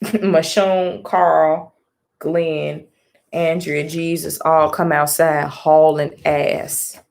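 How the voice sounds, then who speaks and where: A woman with a fairly low voice reacts live as she reads a comic to her stream. She exclaims and swears freely, talks straight to her viewers, and reads the characters' lines aloud between her own comments. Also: flat delivery, very slow, vocal fry, a little mellow. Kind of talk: casual live reading and reaction.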